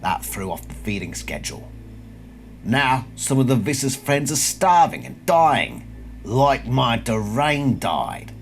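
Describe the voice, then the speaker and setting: A man voicing a bitter, vengeful male alien slug in a human host, in a Cockney accent, reading book lines in a low, hushed, seething way. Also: very animated, slow pace, creaky, soft background music, exaggerated voice. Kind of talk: dramatic reading of a book passage.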